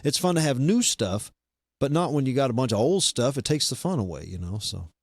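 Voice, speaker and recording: A man's voice: mid-range voice, lively intonation, brisk, darkish tone, dry recording. A man chatting casually as a podcast host, rambling loosely with many fillers and restarts. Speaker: podcast host being interviewed. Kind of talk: casual chat.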